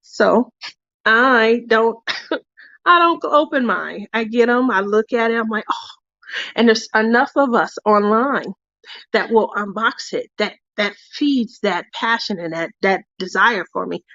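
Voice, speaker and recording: Craft-stream host: a woman who is talky and giggly, with a slightly high voice and muffled sound. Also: a bit bright, no room sound. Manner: chatty storyteller, laughs often. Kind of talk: casual chat while crafting.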